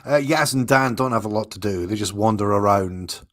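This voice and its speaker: Male co-host, lower pitch, dry sound, analytical and musing. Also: a bit bright, no echo. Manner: musing, analytical, with thinking pauses. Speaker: podcast co-host. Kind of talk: casual chat.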